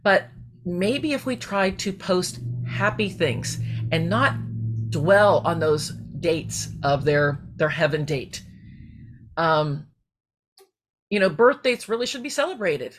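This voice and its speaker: On her faith-centered personal podcast, a middle-aged woman talks heartfeltly and digressively, wandering off on tangents and restarting. She speaks slowly and expressively in a fairly low voice over soft background music.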